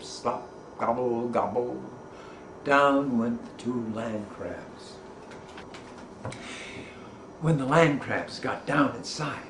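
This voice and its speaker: A man telling a children's story aloud with playful, rhythmic sound words, in a roomy echoing recording. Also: medium pitch. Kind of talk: storybook narration. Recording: roomy echo, faint background noise.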